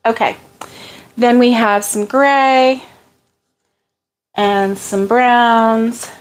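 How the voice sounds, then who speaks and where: A middle-aged woman talks slowly and loosely while sorting yarn for her crochet channel. Her voice sits a little high for a woman. She pokes fun at herself and laughs easily. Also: a little mellow, rough recording. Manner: chatty, self-deprecating, laughs often. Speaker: crochet vlogger.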